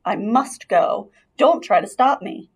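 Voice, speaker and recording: A plucky young boy mouse from a storybook, read by a woman, speaking earnestly and a bit grandly about his mission. The voice is slightly husky and moves up and down a lot. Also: mid-range voice, animated, slow pace. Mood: staunch, determined. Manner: earnest, staunch, a little dramatic. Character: brave determined young male mouse.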